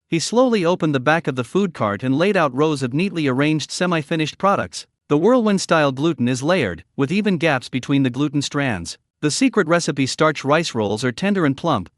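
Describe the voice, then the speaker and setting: A man's voice: a little high, lively intonation, moderate pace, hardly any pauses, dry recording. Dry, close male story narrator. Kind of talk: scripted story recap narration.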